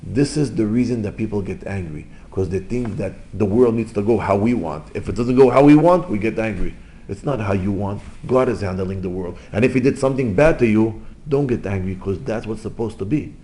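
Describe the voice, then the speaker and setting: A rabbi giving an informal Torah lesson in English, mixing in terms and telling stories, jumping between loud exclamations and quiet asides. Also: male voice, on the low side, brisk. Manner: non-native English with Hebrew terms. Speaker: rabbi teaching.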